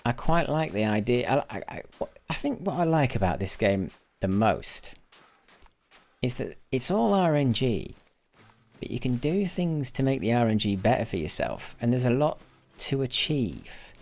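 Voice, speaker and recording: Gravelly-voiced man rambling over gameplay. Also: mid-range voice, sing-song, normal speed. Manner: rambling, self-correcting, mutters while counting. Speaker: gaming livestreamer. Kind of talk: casual live gameplay commentary.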